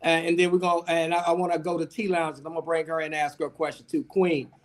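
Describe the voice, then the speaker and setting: A man with a notably high voice hosts a livestream panel discussion. He fires off animated questions, stopping and restarting mid-thought as he hands the floor to his guests. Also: fast talker. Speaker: host.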